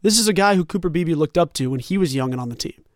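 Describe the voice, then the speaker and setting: A man's voice: fairly high pitch, fast, no echo, studio quality. A young man hosting a sports talk show, rambling through casual commentary with lots of asides. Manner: animated, rambling, conversational with many asides. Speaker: sports podcast host.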